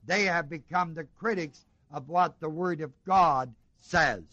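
A middle-aged male preacher with a high, bright, ringing voice delivers a sermon at an unhurried pace. He throws questions out to the congregation and hammers key words through repetition. The sound is dry and close, with no room echo. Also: dull audio. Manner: call-and-response questions to the congregation, emphatic repetition.

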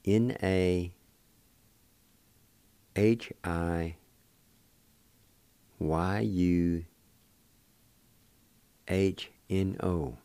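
Older male radio host, deep and dry, unhurried teacher who repeats each syllable. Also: steady tone, dark tone, smooth, no room sound. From Cherokee Nation, Oklahoma. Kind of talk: slow spelled-out language lesson.

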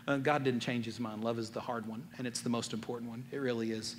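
A man preaching a sermon as a pastor, swinging between loud emphatic lines and quiet, low ones. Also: steady tone, fairly quick, in a large hall, a little hiss or hum.

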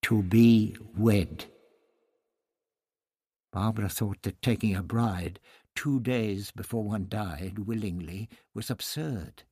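A man reading a novel aloud in a measured, even manner. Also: lowish voice, breathy edge, studio quality. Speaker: audiobook narrator. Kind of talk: scripted narration. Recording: long reverberant room.

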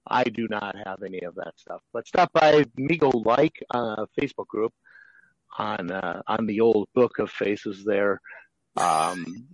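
A man co-hosting a podcast, talking slowly with halting fillers. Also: on the low side, no room sound, dull audio. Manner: slow, halting, with many fillers. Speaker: podcast co-host. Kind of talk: casual chat.

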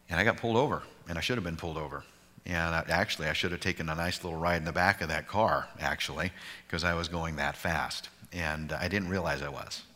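A man's voice: low voice, sharp tone, in a large hall. A man pastor teaching a conversational bible study with informal, digressive talk and self-deprecating humor.

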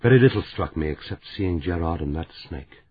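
A brittle, sardonic middle-aged woman makes cutting remarks, voiced by a male narrator. The voice stays low and husky. The sound is narrow and phone-like. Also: expressive, brisk. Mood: dry, cutting. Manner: dry and cutting.

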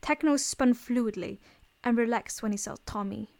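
A woman reading fan fiction aloud in a steady storytelling voice. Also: fairly high pitch, normal speed. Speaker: reader.

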